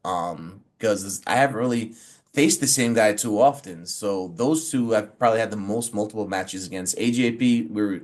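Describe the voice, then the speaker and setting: A man's voice: lowish voice, normal speed. A forty-year-old man, a wrestler and referee, speaking as an interview guest in a casual way, full of fillers and acting out quotes as he tells stories. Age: 40s. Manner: animated storyteller who acts out quotes, many fillers.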